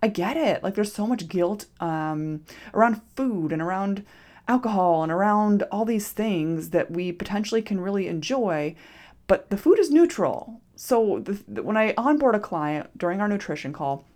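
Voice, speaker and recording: A woman's voice: medium pitch, animated, normal speed, darkish tone. A woman podcast host and nutrition coach talking casually and expressively, acting out quoted self-talk. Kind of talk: solo podcast monologue.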